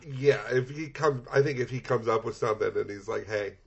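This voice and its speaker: Male co-host, low gravelly husky voice, laid-back rambler, dull lo-fi mic. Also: fairly quick, a bit bright. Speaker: podcast co-host. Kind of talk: casual comedic chat.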